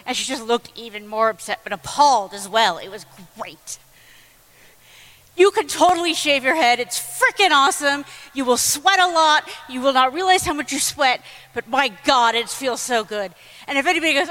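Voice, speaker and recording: A woman giving a fast, comic lightning talk on stage, blunt and irreverent. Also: high-pitched, expressive, sharp tone. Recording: reverberant hall over a PA.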